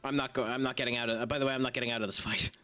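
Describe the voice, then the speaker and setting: Speaking rapid-fire at medium pitch, this young game streamer keeps a steady tone that sounds pushed and bright, with faint music in the background. He rambles chattily, mocks himself, and fills gaps with lots of fillers.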